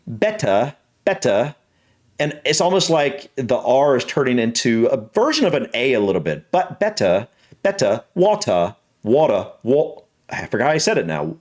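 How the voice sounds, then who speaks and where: An American man hosting a reaction video, chatting casually and repeating practice words while laughing at himself. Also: medium pitch. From United States. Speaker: reaction channel host.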